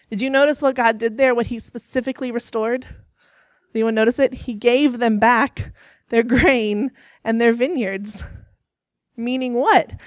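Young woman preacher, earnest storyteller, slightly high voice, dry close recording. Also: dry recording. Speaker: youth speaker. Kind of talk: sermon.

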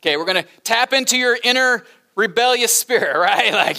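A middle-aged man preaching a sermon as pastor, animated and humorous, breaking into laughter during his asides. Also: very high-pitched, a little fast.

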